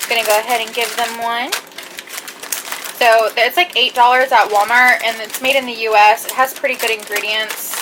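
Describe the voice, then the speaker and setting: A young woman chatting casually to camera in her home kitchen, upbeat and giggly. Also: on the high side. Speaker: vlogger. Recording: home camera with clear background noise.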